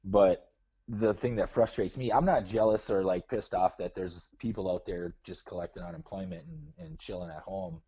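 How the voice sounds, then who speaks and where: A man with a low, mellow voice calls in and chats casually. He grumbles about himself in a self-deprecating way. His voice comes through a dull, lo-fi line. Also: animated, moderate pace, husky. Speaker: caller. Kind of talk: casual chat.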